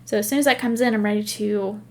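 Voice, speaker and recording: A woman's voice: mid-range voice, fairly even intonation, quick pace. A woman hosting a knitting podcast, chatting casually and rambling through stories while laughing at herself. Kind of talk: casual chat.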